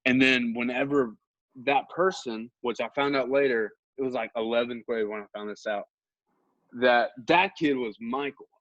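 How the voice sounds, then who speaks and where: A young man hosts a podcast and tells a rambling, self-mocking story in a casual way. His voice sits at an ordinary middle pitch. The sound is dry and a little dull, like a lo-fi recording. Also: fairly even intonation, normal speed, a bit bright, no echo. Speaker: podcast host.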